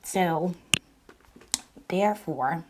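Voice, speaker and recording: Woman, mukbang host, sore throat; low, unhurried, casual storytelling. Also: background noise. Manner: slow, deliberate retelling with repeats. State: sore throat, partly lost voice. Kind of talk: casual storytelling to viewers while eating.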